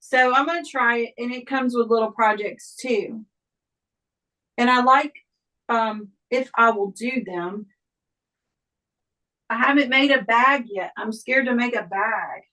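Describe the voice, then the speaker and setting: A woman's voice: on the high side, sharp tone, low-quality recording. A woman chatting as a guest on a sewing livestream, hesitant and full of ums. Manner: slow, hesitant, with many ums. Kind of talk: casual chat.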